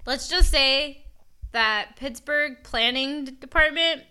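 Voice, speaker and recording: A woman with a high, bright voice trades sarcastic jabs on a casual podcast. She teases her co-host with quick, dry quips. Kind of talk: casual chat.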